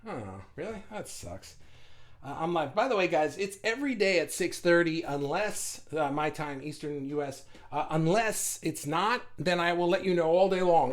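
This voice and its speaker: A fairly high-voiced man talking on his own live stream. He rambles and swears freely, and his delivery is animated. He reads viewer comments aloud and answers them on the spot. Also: normal speed. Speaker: livestream host. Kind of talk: casual live-stream monologue.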